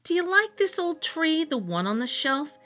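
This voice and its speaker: A woman voicing a kind, lonely old woman in a read-aloud storybook, speaking gently and softly. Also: high-pitched, very animated, normal speed, pitched above the performer's own voice. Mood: fond. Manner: gentle, soft-spoken, comforting.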